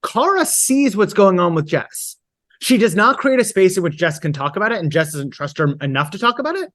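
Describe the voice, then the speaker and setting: A woman's voice: lowish voice, brisk. A young woman co-hosting a podcast, discussing a book and reading its quotes aloud with feeling. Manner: thoughtful, reads quotes aloud in lively voices. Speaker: podcast co-host. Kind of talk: casual book-club chat.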